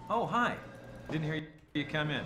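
Chatty young scientist. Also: male voice, fairly high pitch, lively intonation, measured pace, echoey room, music in the background. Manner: chatty, reassuring, light laughs. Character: friendly young male researcher running a brain scan.

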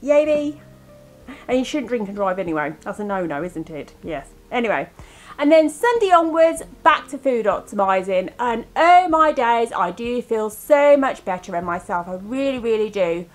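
A woman's voice: medium pitch, expressive, moderate pace, poor audio. A woman in her forties chatting casually to camera as a vlogger, giggly and self-mocking. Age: 40s.

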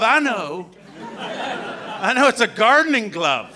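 A man with a high, very animated voice rambles through a sweary, self-mocking stand-up set. He is heard on a club stage mic with a live crowd laughing loudly around him. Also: takes it slowly. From Canada. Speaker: stand-up comedian.

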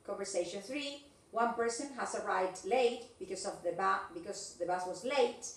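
A woman with a mid-range voice leads an online English lesson at a normal speed, checking understanding again and again with "yes, okay?" The audio comes from a distant mic in an echoey room.

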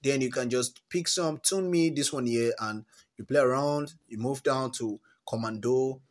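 A tutorial host with a mid-range voice and moderate pace walks through a screen-recorded app tutorial step by step. He is chatty and encouraging, often repeats words, and offers life advice along the way.

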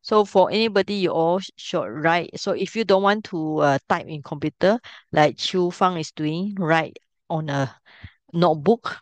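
A woman's voice: lowish voice, unhurried, no echo. A middle-aged woman teaching a language class, patiently explaining step by step and checking if students can follow.

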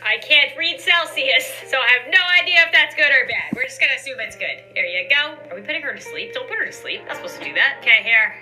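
A woman's voice: high voice, animated, fast, hardly any pauses, pushed and bright, soft background music, low-quality recording. A woman giving goofy, chatty commentary while playing a pretend doctor game, laughing often. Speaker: gaming YouTuber.

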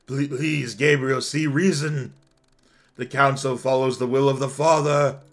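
A man's voice: mid-range voice, fairly even intonation, a little slow, voice pushed up, natural voice. A man reading out a game's story while voicing a desperate male angel council member who stammers and pleads. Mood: panicked pleading.

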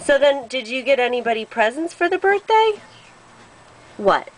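A woman's voice: sits high, big pitch swings, moderate pace, background noise. A woman filming a home video and chatting with a small child, playful and full of exaggerated reactions. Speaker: parent filming a toddler.

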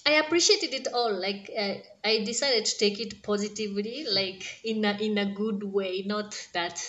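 A woman's voice: medium pitch, normal speed, fairly bright tone, lo-fi sound. Earnest Kenyan woman in an echoey room. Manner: earnest, encouraging, with frequent fillers and restarts. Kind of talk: casual talk to camera. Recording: roomy echo.

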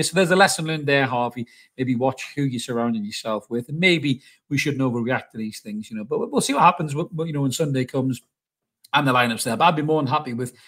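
Fast-talking football fan host. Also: male voice, medium pitch, breathy edge. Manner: blunt, opinionated, swears about rivals. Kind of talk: casual match preview talk.

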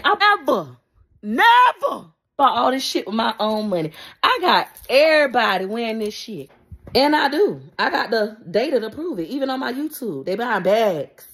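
A woman's voice: fairly high pitch, a bit bright, slightly rough. A woman content creator ranting in a casual vlog, talking straight to her followers, profane and repeating herself when upset. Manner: addresses her followers directly.

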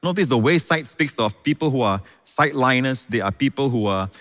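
Male pastor, mid-pitched voice, emphatic sermon with repeated phrases, long reverb of a large hall. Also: lively intonation, brisk, a bit bright. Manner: emphatic preaching, repeats key phrases, calls out "Hallelujah".

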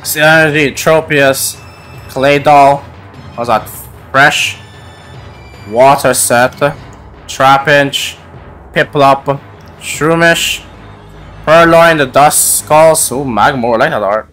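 A man's voice: medium pitch, slow pace, pauses often, fairly bright tone, soft background music. A man rambling through card packs, naming each card aloud with lots of filler words. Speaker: YouTuber opening trading cards. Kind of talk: casual card-opening commentary.

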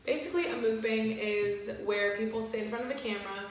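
A woman's voice: fairly high pitch, brisk. A woman hosting a casual eating video, chatting to her friends and to viewers, with lots of "like" as filler. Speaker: YouTuber hosting a mukbang. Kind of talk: casual chat while eating. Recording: echoey room, distant mic, faint noise.

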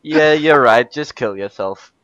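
A man's voice: mid-range voice, unhurried, fairly bright tone, dry recording, highs cut off. A young man joking and teasing his friend in a casual chat over a voice call, laughing often. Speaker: co-host chatting on a voice call. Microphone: computer mic on a voice call.

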